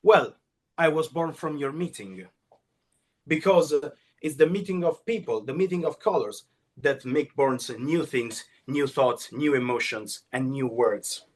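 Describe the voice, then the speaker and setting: A man voicing gentle, wise Orange. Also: mid-range voice, a little slow. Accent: Italian. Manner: calm, explaining.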